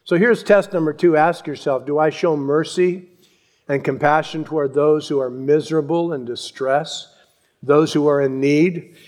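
A man preaching a sermon, telling Bible stories with animated acted-out voices. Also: fairly high pitch, moderate pace. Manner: animated storytelling, acts out voices and yells. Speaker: pastor.

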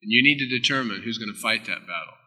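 A man preaching a sermon as pastor, emphatic, with sudden drops into soft, close asides. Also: lowish voice, quick pace, in a large hall.

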